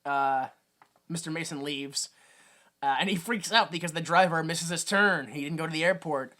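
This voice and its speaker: A man's voice: fairly high pitch, normal speed, sharp tone. A man co-hosting a podcast, recapping a movie in a rambling, joking way with lots of filler words. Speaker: podcast co-host. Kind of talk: casual movie recap chat.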